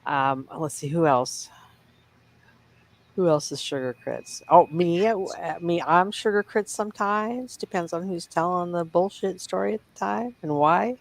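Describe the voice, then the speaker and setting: A woman's voice: on the low side, measured pace, gravelly, poor audio. A woman from the Midwest co-hosting a casual livestream chat, gossipy and teasing, chuckling as she talks. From Midwest United States. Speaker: livestream co-host.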